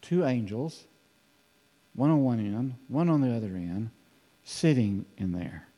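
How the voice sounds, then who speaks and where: A man preaching a sermon in a conversational, animated way, acting out the voices in the scripture he reads. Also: mid-range voice, unhurried, in a large hall. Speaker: pastor.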